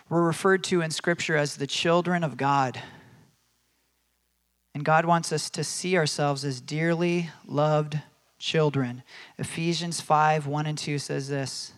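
A man with a slightly higher voice preaches a sermon in a loose, conversational way. He fills his talk with fillers and restarts, and acts out quoted voices with animation. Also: clean tone.

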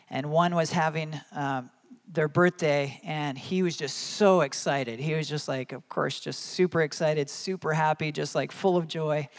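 A man in his thirties preaching a sermon as a pastor, earnest and conversational, laughing at his own stories. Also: on the high side.

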